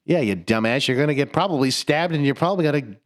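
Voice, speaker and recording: Young man, podcast co-host, casual storytelling, animated, swears a lot, laughs while talking. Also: medium pitch, fast. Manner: animated, profane, laughs mid-sentence, stumbling restarts.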